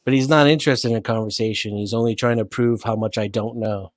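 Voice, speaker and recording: A man's voice: medium pitch, fairly even intonation, fast, no room sound, studio quality. A man from the United States arguing bluntly and swearing in a casual livestream debate. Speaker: panelist.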